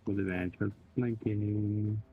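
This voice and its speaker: A man playing a tabletop game, talking in a halting way and repeating words as he describes his character's moves. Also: lowish voice, steady tone. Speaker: player. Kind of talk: casual tabletop game chat. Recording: muffled phone-like line with faint music.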